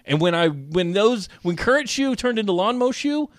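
A man's voice: sits high, big pitch swings, normal speed, no echo, studio quality. A young man, co-hosting a podcast in casual chat, rambling and joking as he tells stories. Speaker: podcast co-host.

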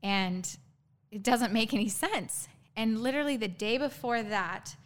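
A woman guest in an interview telling her own story candidly, halting, with frequent ums and restarts. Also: on the high side.

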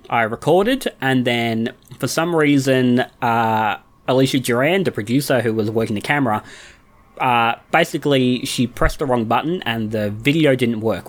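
A man's voice: mid-range voice, moderate pace. A man co-hosting a podcast in casual chat, talking in a dry, matter-of-fact way. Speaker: podcast co-host.

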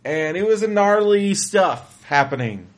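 A man co-hosting a podcast in casual chat, talking excitedly and rambling with lots of fillers. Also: sits high, measured pace. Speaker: podcast co-host.

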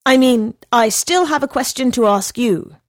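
A woman's voice: a little high, normal speed, dry recording, clean studio sound, voice pushed up, natural voice. Woman putting on a giddy drunk horse. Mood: excited. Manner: broken English, excitable, insistent.

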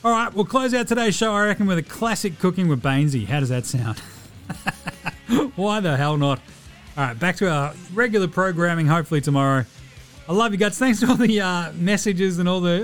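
An Australian man signing off his podcast in a loose, joking, swearing manner. His voice sits high for a man, with faint music under it. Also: animated, moderate pace. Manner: loose, jokey and profane. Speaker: podcast host. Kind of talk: casual podcast sign-off.

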